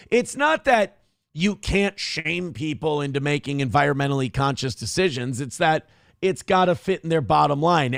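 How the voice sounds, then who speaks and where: A man's voice: a little high, gravelly, no room sound, studio quality. A man hosting a show, mocking a clip he reacts to in casual, profane commentary.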